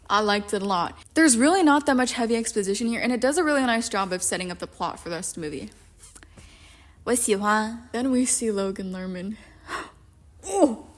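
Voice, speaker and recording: A young adult woman giving casual film commentary in a profane, sarcastic, animated way. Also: medium pitch. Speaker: YouTube commentator.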